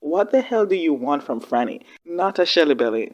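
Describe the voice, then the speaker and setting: A woman giving casual reaction commentary on a TV drama, expressive and slangy, talking back at the screen. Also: low voice, moderate pace, lo-fi sound. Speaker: reaction video host.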